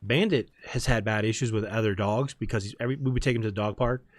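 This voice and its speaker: A low-voiced man chats casually while he plays, rambling from one story to the next. His voice is close and dry, with no room sound around it. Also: fast, dry recording. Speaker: gaming streamer. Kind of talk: casual chat while gaming.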